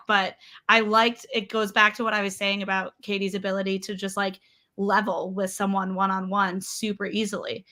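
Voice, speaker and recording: A woman guest on a live discussion show, giving thoughtful, measured analysis in casual chat. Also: medium pitch, flat delivery, bright, forceful tone. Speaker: guest panelist.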